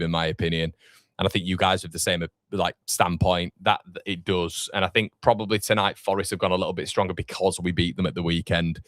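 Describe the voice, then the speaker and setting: A man in his thirties hosts a fan channel's watchalong live stream, chatting casually and rambling with fillers while reading comments. His voice is low, and the recording is dry with clean studio sound.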